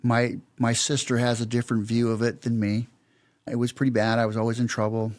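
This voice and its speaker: A man's voice: medium pitch, completely flat delivery, brisk. A man in his fifties from Los Angeles, a guest on an interview podcast. He tells long, rambling anecdotes in a casual way and retells what people said with "I go" and "he goes.". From Los Angeles, California. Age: 50s. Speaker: podcast guest, security company veteran.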